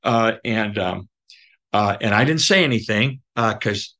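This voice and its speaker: Slow-talking earnest man. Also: fairly low pitch, expressive, bright, forceful tone. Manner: halting, with many fillers and restarts; earnest, emotional. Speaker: podcast guest. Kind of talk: personal storytelling.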